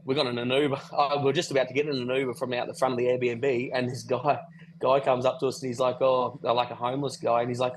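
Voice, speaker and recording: A man's voice: mid-range voice, flat delivery, fairly quick, slight background noise, rough recording. A man telling a rambling travel story on a podcast call, swearing casually. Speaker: podcast guest. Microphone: video call.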